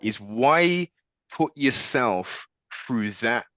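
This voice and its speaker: A man co-hosting a casual sports podcast, speaking in an articulate, measured way. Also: medium pitch, lively intonation, pushed and bright, no room sound. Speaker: podcast co-host. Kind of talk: casual chat.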